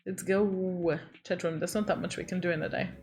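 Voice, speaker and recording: A woman's voice: fairly low pitch, steady tone, brisk, darkish tone, soft background music. Woman muttering over a game. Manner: muttering, thinking aloud, teasing. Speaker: game streamer. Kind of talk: casual let's-play commentary.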